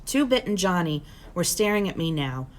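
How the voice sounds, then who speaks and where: A teacher reading a novel aloud to her students in steady, plain storytelling. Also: fairly low pitch, moderate pace.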